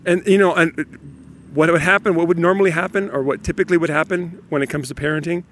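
A man in his thirties or forties, a father telling parenting stories in a casual, animated monologue and laughing often. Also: fairly high pitch, quick pace, slight background noise.

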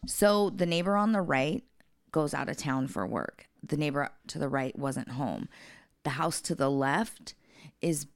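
Low, gravelly-voiced woman telling a story. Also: a little slow, no room sound, clean studio sound. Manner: profane, blunt storytelling. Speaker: podcast co-host. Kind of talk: casual storytelling chat.

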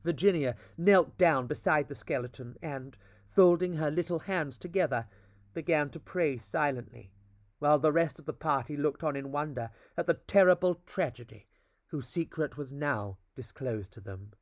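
A man reading a classic story aloud as a podcast storyteller, with expressive, dramatic narration. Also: fairly high pitch, moderate pace, no room sound, studio quality.

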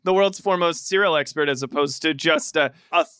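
A man's voice: fairly high pitch, a little fast, bright, forceful tone, clear, resonant tone, no echo, studio quality. A man co-hosting a podcast in casual chat, teasing and laughing between phrases. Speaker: podcast co-host.

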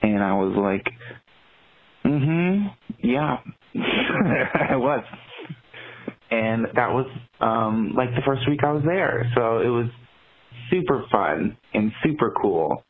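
A man's voice: fairly low pitch, animated, measured pace. A young man leaving a recorded voicemail, telling a story in a casual, rambling way with lots of fillers. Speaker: caller. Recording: tinny phone voicemail.

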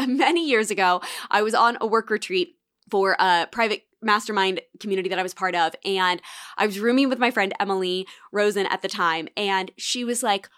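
A woman's voice: medium pitch, fairly bright tone. A woman in her thirties hosting a casual solo podcast, chatty and reflective, often acting out voices as she tells stories. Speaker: podcast host.

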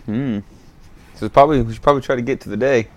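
A man's voice: medium pitch, very fast. A man running an improvised role-play game, upbeat and amused. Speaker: game master. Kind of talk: casual game talk.

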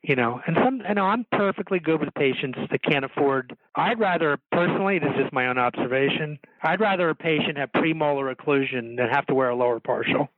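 Earnest dentist on a tinny phone line. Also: male voice, on the high side, brisk, hardly any pauses, dry recording. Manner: earnest, explains with examples, acts out lines to patients. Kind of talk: casual talk to fellow dentists.

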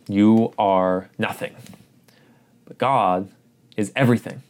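A man's voice: on the low side, sing-song, unhurried, long pauses, a little mellow. A man preaching a sermon, earnest and urgent, repeating phrases for emphasis.

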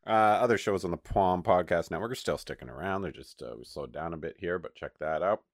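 A man co-hosting a podcast in relaxed, casual chat, giving brief replies and plugging other shows. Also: deep voice, a little fast, no echo, studio quality. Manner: relaxed, brief replies, easy show plugs. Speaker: podcast co-host.

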